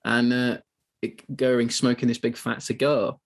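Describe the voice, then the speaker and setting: A man's voice: medium pitch, level tone, moderate pace. A man hosting a film podcast, chatting casually and rambling with lots of fillers. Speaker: podcast host.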